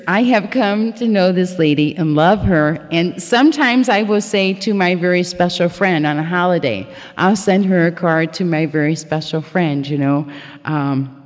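Woman, middle-aged, candid self-mocking storyteller, lowish voice, long hall reverb. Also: a little mellow. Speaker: recovery meeting speaker. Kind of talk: personal testimony talk.

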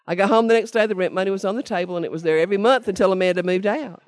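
A woman's voice: mid-range voice, racing, dry recording, clean studio sound. An older woman, giving a personal testimony talk to a meeting in an earnest, emphatic storytelling way. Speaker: speaker sharing her recovery story.

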